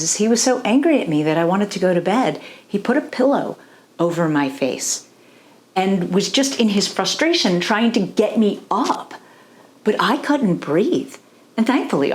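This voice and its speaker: A woman coach talks straight to her viewers in a candid, confiding way. Her voice sits in a middle pitch, and she speaks earnestly, often pausing to check in with a quick "right?". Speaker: relationship coach. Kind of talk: candid personal talk to camera.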